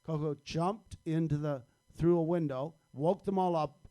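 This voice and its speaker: A man tells a personal story to a live audience with wry, dark humor. His voice sits a little high, and he talks at an unhurried pace, pausing and chuckling at his own punchlines. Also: clean tone. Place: stage at a live storytelling event.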